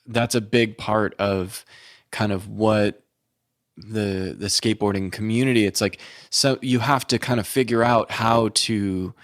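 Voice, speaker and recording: A man with a lowish voice hosting a neighborhood podcast. He speaks in a reflective, agreeable way, musing aloud and backing up his guest. The recording is dry and close to the mic. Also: steady tone, a little slow, dry recording. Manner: reflective, agreeable, thinks aloud with small restarts. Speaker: podcast host. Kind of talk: casual interview chat.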